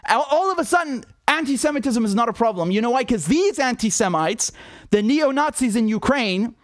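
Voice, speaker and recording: Male host, high-pitched, furious profane rant, dry close mic. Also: no echo. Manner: angry, ranting, profane, repetitive. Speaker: political commentator host. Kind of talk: impassioned monologue.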